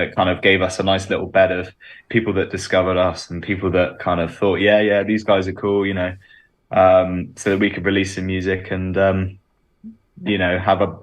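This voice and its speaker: A man's voice: low voice, little pitch movement, normal speed. A man, a band's drummer, answering radio interview questions with many ums and restarts. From Bristol, England. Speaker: band drummer, interview guest.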